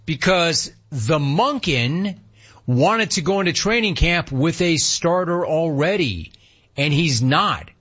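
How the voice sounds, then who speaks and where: A man's voice: on the high side, fairly bright tone, slightly rough. A man hosting a sports talk show, ranting with rhetorical questions and reading out chat comments. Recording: dull lo-fi sound.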